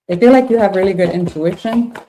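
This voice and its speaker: A woman's voice: medium pitch, fairly quick, warm tone, slight background noise. A woman doing a casual tarot reading, thinking aloud with frank, laughing reactions. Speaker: tarot reader.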